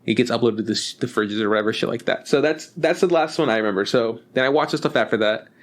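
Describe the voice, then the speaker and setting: A young man co-hosting a podcast in casual chat, rambling and swearing as he acts out scenes in quick put-on voices. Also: medium pitch. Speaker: podcast co-host.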